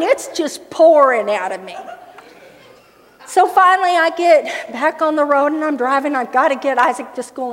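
An older woman preaching a sermon through a funny personal story, with lively laughs along the way. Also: very high-pitched. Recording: long hall reverb.

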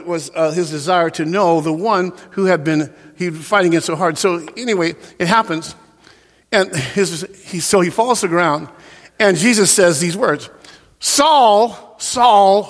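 A man preaching a sermon as a pastor in a church, swinging from loud, emphatic peaks down to soft, quiet passages. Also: a little high, long reverb tail. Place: church sanctuary.

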